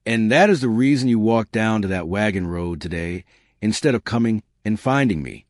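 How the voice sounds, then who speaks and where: A man voicing a quiet, earnest male cowboy with a rough voice, speaking slowly and plainly. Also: lowish voice, expressive, dry recording, studio quality, natural voice.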